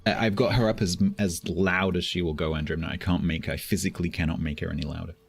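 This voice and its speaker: Man, low voice, slightly husky, casual streamer, searches for words as he explains. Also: steady tone, fast talker. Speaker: streamer coaching a newer player. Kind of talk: casual gaming stream chat.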